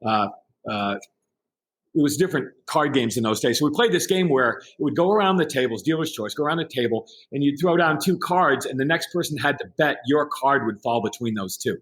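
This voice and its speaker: Middle-aged man telling a lively anecdote. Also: mid-range voice, brisk. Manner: animated anecdote-telling with quoted voices. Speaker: podcast guest. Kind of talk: casual storytelling.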